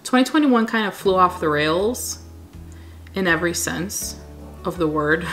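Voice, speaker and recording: A woman's voice: on the low side, animated, measured pace, fairly bright tone, faint music behind. A woman chatting candidly in a casual question-and-answer vlog, laughing often. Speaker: plant vlogger and wedding photographer.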